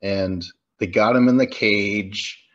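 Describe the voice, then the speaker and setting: A man's voice: lowish voice, fairly even intonation, slow, muffled recording. A man co-hosting a movie review podcast, chatting casually and swearing freely while acting out scenes in quoted voices. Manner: loose, profane, acts out scenes in quoted voices. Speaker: podcast co-host.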